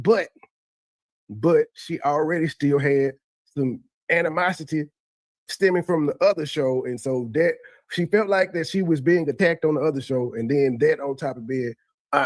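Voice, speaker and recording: A man's voice: fairly high pitch, no echo. A man hosting a casual reaction commentary, talking in looping, stammering restarts. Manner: repetitive stammering restarts, conversational. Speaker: commentary host reacting to a replayed clip.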